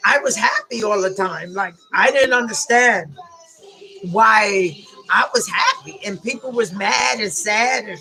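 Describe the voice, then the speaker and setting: A woman telling a personal story from her own life. She talks in a halting, emotional way and often repeats herself. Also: fairly high pitch, poor audio.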